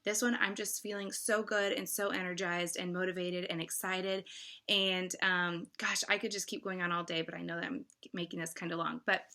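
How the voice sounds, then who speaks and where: A woman's voice: fairly low pitch, little pitch movement, moderate pace, sharp tone. A woman in her thirties talking to her viewers in a casual vlog, effusive and emotional, with lots of fillers and restarts. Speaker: vlogger.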